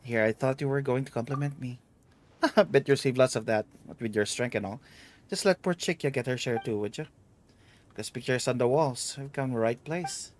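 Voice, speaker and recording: A man with a medium-pitched, natural voice reads game dialogue a little quickly. He plays a playful older woman, a treasure hunter with a bad back, and gives her a teasing, bossy manner.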